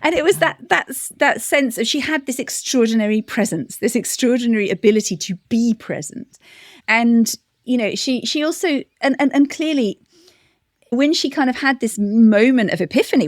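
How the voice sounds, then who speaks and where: A middle-aged woman giving a thoughtful interview answer, often restarting and laughing softly. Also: a little high, no room sound, clean studio sound. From United Kingdom. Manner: reflective, many restarts and soft laughs. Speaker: interview guest, campaign director. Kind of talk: conversational interview.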